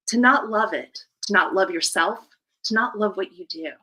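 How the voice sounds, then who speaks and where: A woman life coach talks as a guest on a live podcast, her voice bright and forward. She speaks with energetic, emphatic motivational drive, pressing hard on key words and building up to big declarations. Her pitch sits in the middle range. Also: moderate pace, low-quality recording.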